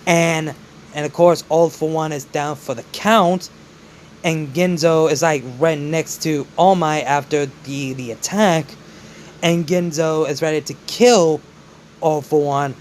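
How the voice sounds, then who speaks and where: A man narrating a fan-made story in a casual, halting way with many restarts. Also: fairly high pitch, fairly even intonation, a little mellow, slight background noise.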